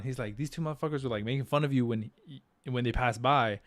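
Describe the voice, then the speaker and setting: A man's voice: mid-range voice, fast talker, a bit bright, no echo. A young man co-hosting a podcast, telling stories in casual chat, laughing often and swearing freely in slang. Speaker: podcast co-host.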